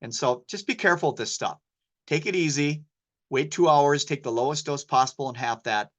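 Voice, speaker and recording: A man's voice: fairly high pitch, fairly quick, fairly bright tone. A man giving an informal medical lecture as a poison control specialist, telling anecdotes and dropping slang. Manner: casual, anecdotal, sprinkles in slang.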